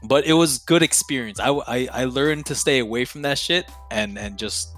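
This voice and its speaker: A young man talks as a podcast guest, his voice bright and forceful. He tells stories in a loose, slangy way, swears freely and gets excitable as he goes. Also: medium pitch, moderate pace, faint music behind. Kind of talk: casual storytelling.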